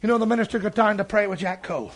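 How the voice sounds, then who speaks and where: A man preaching a sermon, telling a story with fervour and breaking into shouts. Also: high voice, fast. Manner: fervent, rising to shouts.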